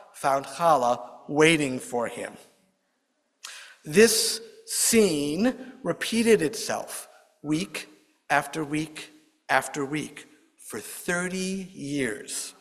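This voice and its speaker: Guy telling a folk story, kinda high voice, lively, echoing big hall. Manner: expressive, voices characters with rising pitch. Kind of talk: oral storytelling. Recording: long hall reverb.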